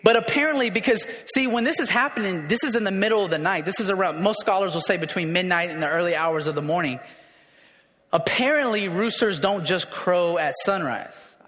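High-voiced man preaching in a reverberant hall. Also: a little fast, a bit bright. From raised in a city. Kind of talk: sermon.

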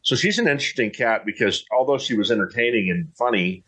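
A man's voice: medium pitch, fast talker, a bit bright, husky. A middle-aged man talking in a casual, rambling, folksy way with frequent restarts. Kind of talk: casual chat.

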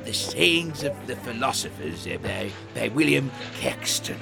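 Hesitant stuttery guy, talks real slow, gravelly voice, music playing. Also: mid-range voice, sing-song. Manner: hesitant, stammering, bumbling. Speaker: comedy sketch performer. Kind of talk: comedy sketch acting.

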